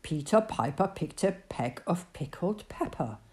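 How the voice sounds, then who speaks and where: A woman voicing a rough-talking male burglar who speaks loudly and exclaims, drawing out his words. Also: fairly low pitch, very animated, measured pace. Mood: exclaiming.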